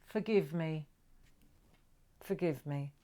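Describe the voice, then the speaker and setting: A middle-aged woman hosting a live craft stream, chatting warmly with viewers, greeting them brightly and sometimes dropping to a whisper. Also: low voice, takes it slowly. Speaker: craft livestream host.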